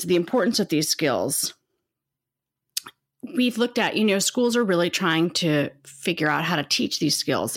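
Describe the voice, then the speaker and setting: Woman with a lower voice, expert guest on a podcast, clear explainer tone. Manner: clear, explanatory, checks in with "right?". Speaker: podcast guest, educational psychologist. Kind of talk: explaining in an interview.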